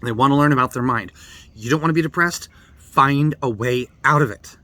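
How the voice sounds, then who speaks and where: A man's voice: mid-range voice, brisk, bright, forceful tone. A middle-aged man giving a blunt, emphatic talk on meditation as a Buddhist teacher. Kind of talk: direct-to-camera daily reflection talk.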